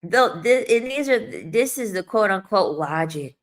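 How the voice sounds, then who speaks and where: A young woman telling a casual storytime rant, animated and exasperated, swearing freely and mocking others in quoted voices. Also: mid-range voice, measured pace. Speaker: vlogger.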